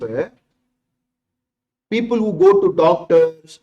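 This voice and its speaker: A man's voice: on the high side, lively intonation, unhurried, long pauses, a little mellow, muffled recording. A man with a Tamil Indian English accent teaching an exam revision class, emphatic and repetitive, firing rhetorical questions at the class.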